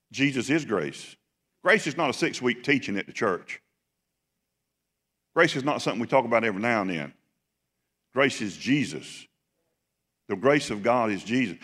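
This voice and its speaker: A man's voice: medium pitch, a bit bright. A man preaching a Sunday sermon. He talks with emphasis, repeats phrases and asks the congregation questions. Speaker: pastor. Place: large church sanctuary. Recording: long echo of a church hall.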